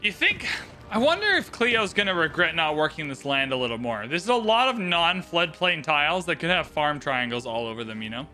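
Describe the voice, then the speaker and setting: A high, very bright male voice gives relaxed, joking commentary on a strategy game during a livestream. He chats along with easy playful asides. Faint game music plays underneath. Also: fairly quick.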